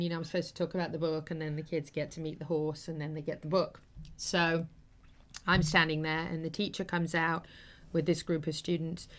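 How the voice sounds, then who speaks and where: A woman hosting a talk show, telling a personal story in an earnest, heartfelt, rambling way with many fillers. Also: deep voice. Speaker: host.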